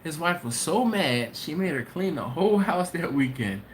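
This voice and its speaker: A man's voice: fairly high pitch, normal speed, a little hiss or hum. A man hosting a live stream, casually chatting and reading viewer comments aloud, telling stories with slang and frequent laughter. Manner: laughs often, animated storytelling, slangy. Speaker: host of a barbecue channel live stream.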